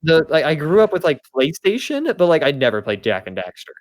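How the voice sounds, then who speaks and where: A man's voice: fairly high pitch, sing-song, brisk. A young man hosting a podcast, reading fanfiction aloud for comedy, stumbling and correcting himself with laughing asides. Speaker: podcast host and reader.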